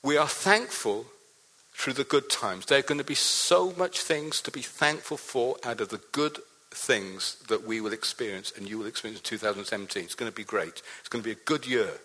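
A man's voice: mid-range voice, animated, moderate pace, bright, forceful tone. A man preaching a sermon as a pastor, emphatic, leading the congregation in reciting a verse. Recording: long hall reverb.

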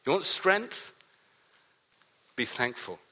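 A man's voice: medium pitch, sing-song, slow, pushed and bright, slightly rough. A man preaching a sermon as a pastor, emphatic, leading the congregation in reciting a verse. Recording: long hall reverb.

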